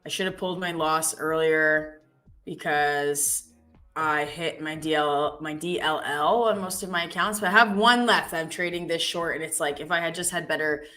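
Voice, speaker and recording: A Canadian woman with a slightly low voice chats on a live trading stream. She rambles through anecdotes and trade reflections, dropping "like" constantly. Faint music plays under her. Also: moderate pace, bright, forceful tone. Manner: chatty storyteller, many fillers like "like". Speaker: futures trader co-host.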